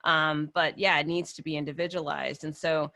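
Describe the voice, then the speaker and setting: A woman clinician explaining in a casual professional discussion, chatty and quick to laugh, often acting out what patients say. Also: sits low, little pitch movement, pushed and bright, dry recording. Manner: chatty, laughs often, acts out quoted voices.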